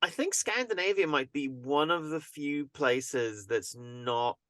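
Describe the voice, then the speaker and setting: Bright, crisp-voiced joking man. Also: fairly high pitch, lively intonation, slow, no echo, clean studio sound. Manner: swearing, joking, self-mocking. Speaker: podcast co-host. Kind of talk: casual chat.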